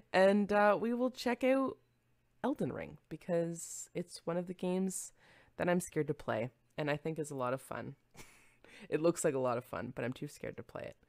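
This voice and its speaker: A woman's voice: lowish voice, darkish tone, no room sound. A young woman streamer chatting casually and rambling with her viewers, easily distracted and giggling often. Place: home room.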